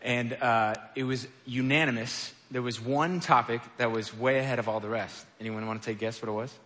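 A man with a medium-pitched, sharp voice and fairly even intonation speaks briskly in an echoey hall with long reverb. He's giving a casual, conversational sermon, telling self-deprecating stories about himself with many filler words.

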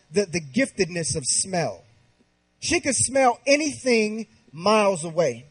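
A man in his thirties preaching through a comic personal story, animated and slangy. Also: high voice, breathy edge. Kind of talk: humorous sermon storytelling.

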